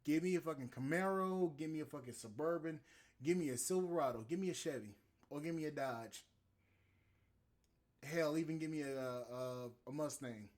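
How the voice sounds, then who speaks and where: A man with a fairly high-pitched voice hosts a podcast and vents in a loose, rambling rant. His delivery is heated and full of swearing. He jumps from point to point as he goes. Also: normal speed, darkish tone. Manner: profane, heated, rambling monologue. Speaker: podcast host.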